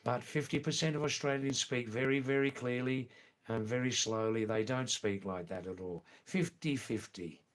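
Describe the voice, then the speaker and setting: A man's voice: mid-range voice, moderate pace. A man hosting a casual live stream, chatting with viewers in a teasing way and repeating phrases for effect.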